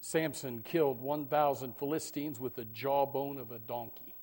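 A middle-aged male pastor preaching a sermon, animated, swinging from loud bursts to hushed tones. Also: medium pitch, normal speed. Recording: long hall reverb.

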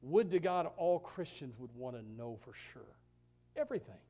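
A high-pitched male pastor delivering a sermon in a folksy, stammering way. He swings from hushed, tender quotations of God to loud, emphatic exhortation. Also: expressive, moderate pace. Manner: drops to a hushed voice when quoting God, then rises loud and emphatic; stammering restarts, folksy asides.

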